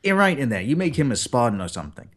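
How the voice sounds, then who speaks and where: A man's voice: medium pitch, very animated, quick pace, fairly bright tone. A man guesting on an interview show, talking animatedly about voice acting and acting out example lines. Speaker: guest voice actor. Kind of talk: casual interview chat.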